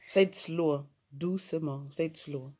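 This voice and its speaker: A woman with a Jamaican accent talks casually in a home family vlog, coaxing and laughing as she slips between patois, English and French. Her voice sits a little low. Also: unhurried, a little mellow, slightly rough. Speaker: family vlogger.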